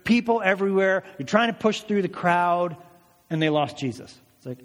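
A man's voice: high voice, brisk. Man preaching a sermon in a reverberant hall. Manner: conversational, animated storytelling with rhetorical questions. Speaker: pastor.

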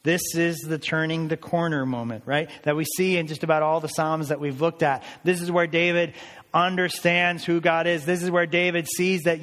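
A man with a fairly high voice preaches a sermon, earnest and rising to emphatic declarations as he works through scripture. His words ring out with a long reverb, as if spoken in a large hall. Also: fairly even intonation, moderate pace, a bit bright. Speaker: pastor.

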